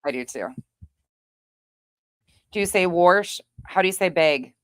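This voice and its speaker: A woman from North Dakota with a faint accent from back home hosts a relaxed livestream and chimes in playfully. Her voice sits low but moves around a lot in pitch. The sound is dry and close. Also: unhurried, no room sound. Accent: slight North Dakota. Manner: playful, chiming in. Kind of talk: casual livestream chat.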